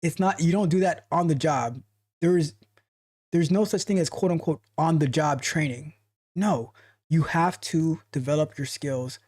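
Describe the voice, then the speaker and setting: On the high side and a little slow, with a darkish tone, the tech coach talks to his coding livestream audience. Emphatic and motivating, he repeats phrases to hammer points in, wanders into loose chat, and responds to comments from the chat.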